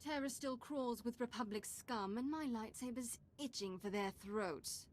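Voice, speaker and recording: A woman's voice: a little high, a little slow, slight background noise, natural voice. An actress playing a bloodthirsty female Sith warrior who talks in a scornful, aggressive way. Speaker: companion character.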